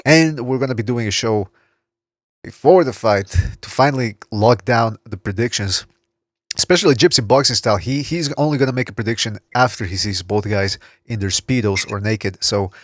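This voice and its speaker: A man hosting a boxing podcast in casual chat, blunt and quick to swear and laugh. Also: mid-range voice, no room sound, studio quality. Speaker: podcast host.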